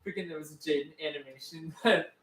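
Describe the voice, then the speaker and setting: A man's voice: fairly high pitch, fast talker, a crowd in the background. Rambling co-host man in an echoey room. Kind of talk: casual livestream chat.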